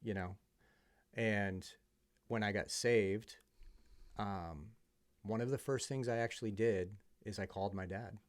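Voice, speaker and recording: A man with a fairly low voice speaks as a podcast guest. He tells his story in an earnest, heartfelt way, with plenty of um's and restarts. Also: measured pace, pauses often. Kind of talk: personal testimony in conversation.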